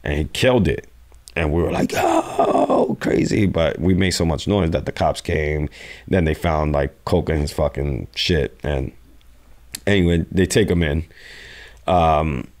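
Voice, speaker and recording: Man, very deep voice, young adult, from New York City, profane animated storytelling. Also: a little slow. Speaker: podcast guest. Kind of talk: casual storytelling interview.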